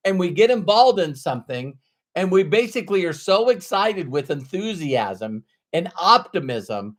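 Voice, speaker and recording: A man's voice: high-pitched, big pitch swings, a little slow. A middle-aged man giving a motivational talk to camera, emphatic, repeating his key phrases for effect. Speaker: motivational speaker.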